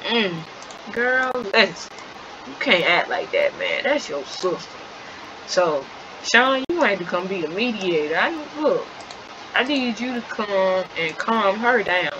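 A woman giving chatty, playful gameplay commentary in casual slang, on a slightly dull recording with steady noise behind. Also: mid-range voice, slow pace. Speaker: gaming video creator.

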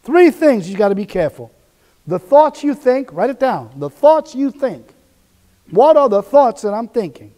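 A man's voice: very high-pitched, sing-song, moderate pace, mellow, in a large hall. A man preaching a sermon as pastor, emphatic and repetitive, voicing quoted inner voices.

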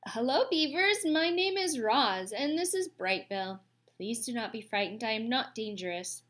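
A woman voicing a calm, polite female robot who speaks slowly and formally, without contractions. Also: on the high side.

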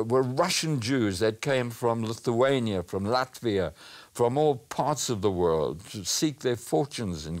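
Older South African man reminiscing. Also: medium pitch. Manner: lively storytelling, mimics voices. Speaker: radio personality. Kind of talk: reminiscing interview.

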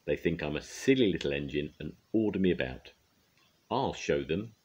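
A man's voice: very deep voice, expressive, normal speed, a little mellow, husky, full character voice. A man voicing a small, sad, put-upon tank engine in a storybook reading, speaking plaintively.

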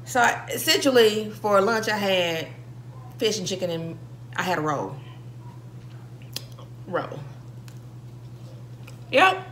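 A woman's voice: mid-range voice, lively intonation, slow, pauses often, fairly bright tone, slight background noise. A woman, chatting casually as she eats on camera, telling stories with laughing asides. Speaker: vlogger eating on camera. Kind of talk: casual mukbang chat.

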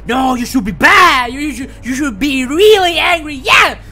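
A man voicing a preachy scold who yells in a shrill, indignant voice. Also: lively intonation, normal speed, faint music behind, exaggerated voice. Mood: outraged. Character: outraged preachy scold, high-pitched.

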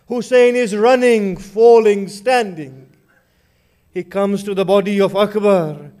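A man preaching a Muharram lament sermon, recounting in a slow, mournful, drawn-out way. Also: high voice, fairly even intonation, a little mellow.

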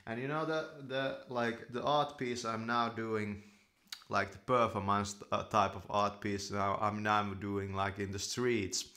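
A man's voice: on the low side, fairly even intonation, unhurried, bright, forceful tone. A man, a Finnish native speaker, talking in a casual rambling monologue as a podcast host, full of "like" and "you know". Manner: filler-heavy, many "like" and "you know".

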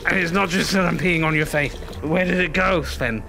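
Male gamer, slightly high, gravelly voice; rambling, theatrical, plays drunk for laughs. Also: moderate pace, sharp tone, a little hiss or hum. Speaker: VR gameplay streamer. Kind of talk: comedic VR gameplay commentary.

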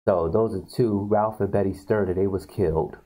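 A man casually recapping a movie in a loose, rambling way and slipping into voices for the characters. His voice has a mellow, darker tone at a middling pitch. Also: steady tone, normal speed, poor audio. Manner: rambling, acts out characters' lines. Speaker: YouTube host.

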